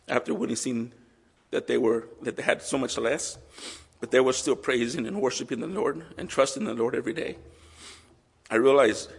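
A male pastor preaching a sermon earnestly and with emotion, reading scripture aloud slowly. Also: medium pitch, gravelly, husky. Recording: long hall reverb.

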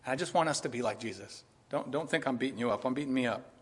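A man preaching a sermon with emphatic, repetitive, animated delivery, addressing his congregation. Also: mid-range voice, quick pace, husky, in a large hall.

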